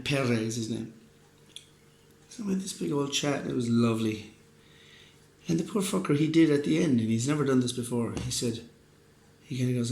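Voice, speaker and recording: A man's voice: medium pitch, normal speed, creaky, long pauses, darkish tone. A man rambling through a profane, earnest casual monologue, a bit drunk, with restarts and laughs. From Ireland. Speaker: podcast host. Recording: roomy echo, faint background noise.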